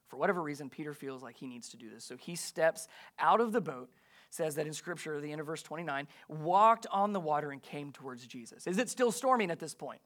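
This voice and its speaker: High-voiced pastor preaching emphatically. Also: male voice, animated, brisk, a bit bright. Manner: emphatic preaching with rhetorical questions to the congregation. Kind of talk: sermon.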